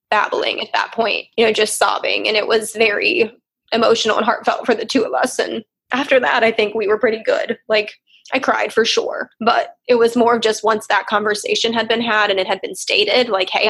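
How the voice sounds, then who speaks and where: A woman's voice: on the high side, little pitch movement, moderate pace, vocal fry, a bit bright, breathy edge. A young woman, a therapist, speaking earnestly and reflectively in a candid interview. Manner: earnest, reflective, sometimes emotional. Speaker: therapist guest.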